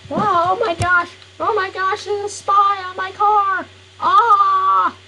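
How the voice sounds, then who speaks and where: Woman voices a panicky guy behind the wheel, high and shrieking, for a goofy homemade story. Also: flat delivery, takes it slowly, muffled recording, very noisy, full character voice. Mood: panicked. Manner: shrieking, frantic. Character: panicky young man, a getaway driver.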